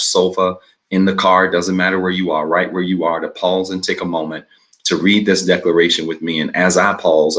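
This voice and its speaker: A man teaching at a livestreamed church service, earnest and exhorting, leading his listeners through a declaration with pauses for them to repeat. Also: low voice, a bit bright. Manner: leads a spoken declaration, pausing for repetition.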